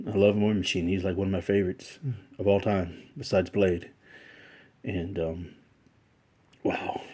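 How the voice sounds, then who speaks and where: A middle-aged man unboxing a gift on his collecting vlog, emotional and halting, full of fillers and restarts. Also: sits low, warm tone, husky. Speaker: toy collector YouTuber.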